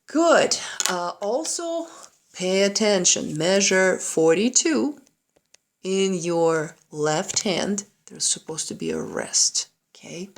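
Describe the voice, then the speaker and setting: A woman's voice: medium pitch, very animated, slow. A woman giving a patient play-along piano lesson at home, coaching with frequent "okay?" checks. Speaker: piano teacher. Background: piano playing.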